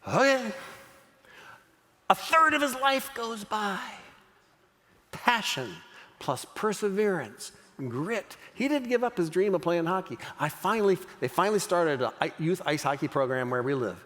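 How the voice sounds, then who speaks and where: A man's voice: high-pitched, unhurried. A middle-aged man giving a motivational keynote speech, telling a story and acting out the lines of each person in it. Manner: animated, acts out dialogue in character. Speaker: keynote speaker. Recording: long reverb of a large hall.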